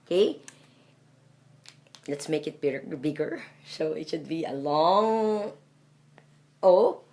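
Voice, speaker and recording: A woman with a Filipino accent gives an English pronunciation lesson in a low, unhurried voice. She speaks deliberately, sounding out example words again and again as she explains them. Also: animated, vocal fry, mellow. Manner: slow, deliberate, demonstrating sounds with repeated examples. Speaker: English fluency trainer.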